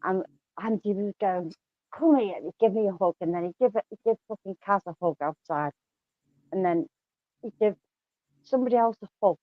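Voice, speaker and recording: A woman's voice: mid-range voice, moderate pace, long pauses, dry recording, phone-quality sound. A woman telling rambling, laughing anecdotes in a casual chat, swearing a lot. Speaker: guest on a live chat stream.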